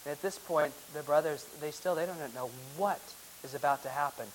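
A man preaching a verse-by-verse Bible sermon. He reads scripture aloud in old formal wording, then explains it, dropping to hushed tones and rising to loud emphasis. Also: on the high side, a little fast, slight background noise, poor audio. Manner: dramatic, swinging from loud emphasis to hushed near-whispers.

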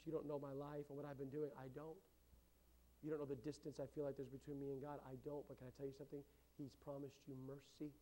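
A man's voice: medium pitch, warm tone. A man pastor delivering a sermon in an emphatic, repetitive preaching manner.

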